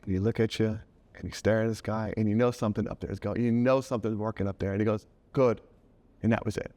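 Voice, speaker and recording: A man's voice: fairly low pitch, quick pace. A middle-aged man telling a personal story in a casual interview, acting out the people he quotes. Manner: animated, acts out quoted voices. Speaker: guest, children's book author.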